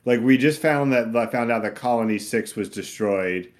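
A man in casual podcast chat, speaking in a measured, agreeable way. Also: medium pitch.

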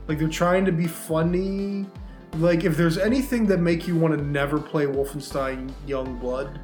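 A man's voice: on the high side, fairly even intonation, moderate pace, darkish tone. A man co-hosting a podcast in casual, rambling chat, with many fillers. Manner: rambling, chatty, lots of fillers. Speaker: podcast co-host. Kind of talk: casual chat about movies and games. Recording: echoey room with faint music.

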